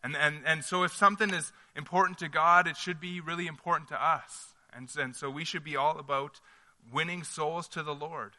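Earnest male pastor, bright echoey voice. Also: a little high, fairly even intonation, normal speed. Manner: earnest, conversational, frequent restarts. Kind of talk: sermon.

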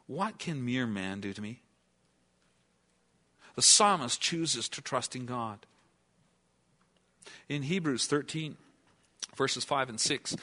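An earnest male preacher delivering a sermon at a medium pitch. He keeps asking his listeners questions and now and then sinks into a quiet, near-whispered hush. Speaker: pastor.

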